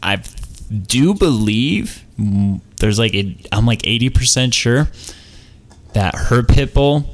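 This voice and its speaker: Young man, low-pitched, loose jokey podcast co-host who swears freely. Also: a little slow. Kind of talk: casual chat.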